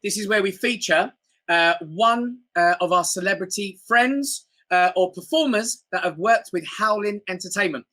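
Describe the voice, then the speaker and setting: Bright, high-voiced chat show host. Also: male voice, normal speed. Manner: upbeat, encouraging, introduces acts. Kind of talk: casual chat show hosting.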